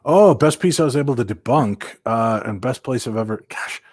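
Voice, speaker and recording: A man from Minnesota telling paranormal investigation stories as an interview guest, animated and acting out quoted voices. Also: medium pitch, moderate pace, slightly rough, no echo, studio quality. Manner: lively, acts out quoted voices, many restarts.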